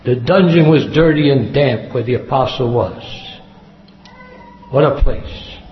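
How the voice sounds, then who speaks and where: A man's voice: mid-range voice, a little slow, soft background music. A man preaching a sermon in an earnest way, repeating key phrases for emphasis. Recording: echoey hall, dull lo-fi sound.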